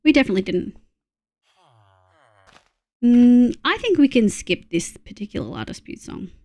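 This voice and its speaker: Australian woman streamer, casual gaming chat, grumbles and swears, talks to chat as she plays, slightly high voice. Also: sing-song, moderate pace, warm tone.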